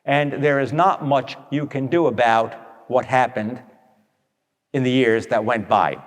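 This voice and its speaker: A man's voice: medium pitch, unhurried. Folksy storytelling man in a reverberant hall. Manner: conversational, addresses listeners directly, acts out quotes. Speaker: radio speaker giving advice talks.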